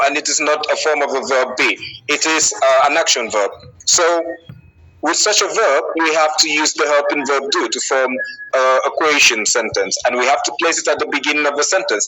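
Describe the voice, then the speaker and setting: Male English teacher with a cutting, bright voice, pitched slightly high. Patient, stops often to check understanding. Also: a little hiss or hum, rough recording. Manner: reads example sentences slowly and clearly. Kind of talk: live English grammar lesson.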